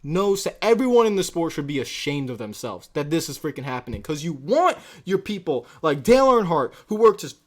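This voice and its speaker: Fired-up man ranting with a lively voice. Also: fairly high pitch, brisk, hardly any pauses. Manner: heated, profane, rambling. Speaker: channel host. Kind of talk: reaction vlog rant.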